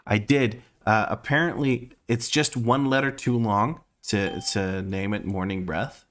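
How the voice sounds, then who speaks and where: Lower-voiced chatty male streamer. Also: unhurried, a bit bright. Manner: chatty and playful, laughs often, thinks aloud. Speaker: game streamer. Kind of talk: casual live-stream chat while gaming. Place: home room.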